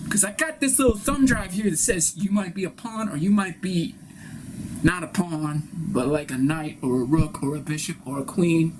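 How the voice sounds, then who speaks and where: A man's voice: a little high, moderate pace, noisy background. A man performing an improvised comic monologue, rambling and conspiratorial, cursing freely. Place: live-streamed solo performance.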